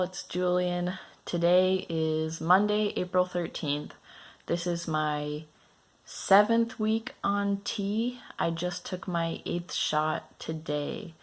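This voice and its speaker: A man recording a casual video diary, speaking matter-of-factly. His voice is cracky. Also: sits high. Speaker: vlogger.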